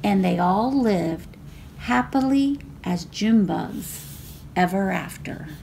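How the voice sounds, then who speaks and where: A woman reading a picture book aloud as a library storyteller, slow and expressive. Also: medium pitch, creaky, slight background noise.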